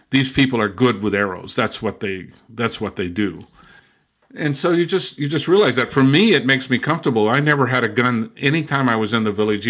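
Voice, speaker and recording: An older man, a linguist and former missionary, telling stories in an interview in a relaxed, rambling way full of restarts and fillers. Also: mid-range voice. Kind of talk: casual interview storytelling.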